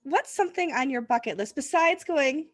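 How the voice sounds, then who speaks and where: A woman's voice: sits high, expressive, moderate pace, dry recording. A woman, hosting a casual interview chat and laughing often. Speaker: podcast host.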